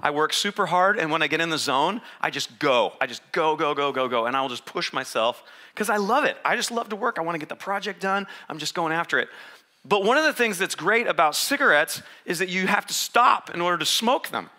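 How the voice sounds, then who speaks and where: A man preaching to his congregation, cracking jokes and playing out both sides of his story. His voice sits high and very bright, and his pitch leaps up and down as he performs. He sounds middle-aged and quick to laugh. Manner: animated, joking storyteller acting out voices. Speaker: pastor. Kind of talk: sermon.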